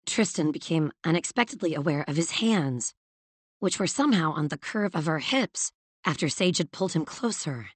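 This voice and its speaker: Low-voiced woman narrating a novel. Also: expressive, moderate pace, no echo. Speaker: audiobook narrator. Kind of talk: scripted narration.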